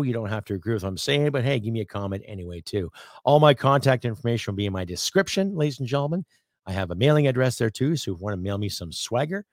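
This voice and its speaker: A man's voice: medium pitch, a little mellow, dry recording, studio quality. A man from Canada hosting a podcast, ranting angrily and emphatically with profanity and rhetorical questions. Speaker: podcast host. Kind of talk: political rant podcast.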